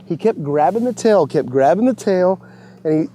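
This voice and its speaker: Lively high-voiced man, fishing host. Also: normal speed, slight background noise. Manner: whoops and laughs, talks to the fish and the folks at home. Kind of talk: excited on-the-water fishing commentary. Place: outdoors on a boat on a lake.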